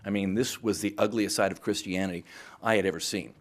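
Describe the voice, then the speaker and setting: A middle-aged man speaking as a guest to a live audience, telling lively stories and acting out both sides of conversations. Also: deep voice, fairly quick. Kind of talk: anecdotal speech to a live audience.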